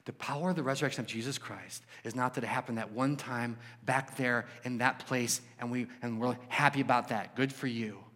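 A man preaching a sermon with passion, swinging between loud exclamations and hushed questions. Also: mid-range voice, fairly even intonation, fairly quick, few pauses, long reverb tail. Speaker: pastor.

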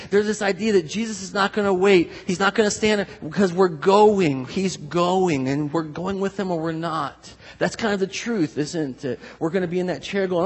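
A male pastor delivers a conversational sermon, swinging between loud, animated bursts and quieter reflective stretches. His voice sits a little high and carries a husky edge. The sound rings with the long reverb of a large hall. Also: normal speed.

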